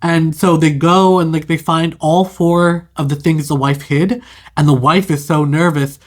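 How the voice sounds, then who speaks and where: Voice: medium pitch, steady tone, measured pace. A speaker casually retelling a fairy tale, rambling with chatty asides and self-corrections. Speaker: storyteller.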